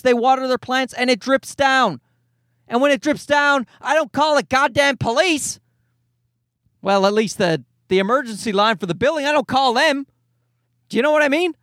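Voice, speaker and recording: A man's voice: very high voice, fairly bright tone, no room sound, studio quality. A man in his thirties hosting a podcast, ranting in a casual comedic way, exasperated and profane, rambling with restarts. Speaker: podcast host.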